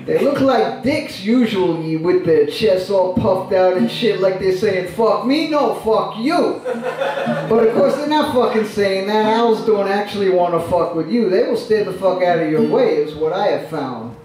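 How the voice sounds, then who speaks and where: A man's voice: high-pitched, expressive, measured pace, darkish tone. A man doing a crude, cursing poet. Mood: ranting. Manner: profane ranting delivery. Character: crude foul-mouthed male poet, gruff and blunt. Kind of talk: stand-up character bit. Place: small theatre stage. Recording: echoey room heard from far off.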